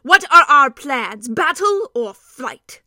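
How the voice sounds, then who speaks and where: A woman voicing a fierce male dwarf warrior who talks in a loud, scornful, blustering way. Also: sits high, sing-song, slow, no room sound, clean studio sound, pitched above the performer's own voice, heavily acted.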